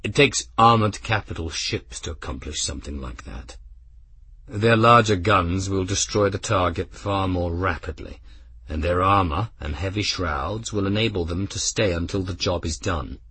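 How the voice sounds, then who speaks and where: A man doing a quiet, steady veteran captain. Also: sits low, moderate pace, slightly rough, full character voice. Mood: calm. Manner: quiet, calm, matter-of-fact.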